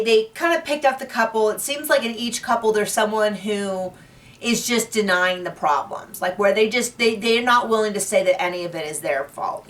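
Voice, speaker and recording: A woman's voice: medium pitch, fairly bright tone, distant mic. Chatty woman recapping, mic set back. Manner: chatty, giggly, many fillers and restarts. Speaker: recap show host. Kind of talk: casual TV recap chat.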